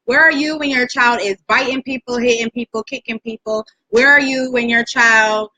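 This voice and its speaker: A young woman speaks in a high, bright, ringing voice. She co-hosts a casual chat and drives her points home with preachy repetition. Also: fairly even intonation, moderate pace, low-quality recording. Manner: preachy, emphatic, repeats phrases. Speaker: co-host.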